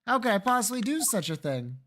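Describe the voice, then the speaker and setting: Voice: mid-range voice, sing-song, brisk, a bit bright, a little hiss or hum. A player doing a sugary, patronizing warden woman. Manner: sugary and patronizing, calls others darling and sweetie. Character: flirty, condescending female prison warden.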